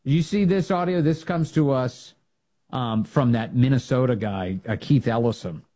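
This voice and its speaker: Emphatic male political talk host. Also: normal speed. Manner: emphatic, rallying, swings to loud high bursts. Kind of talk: political commentary.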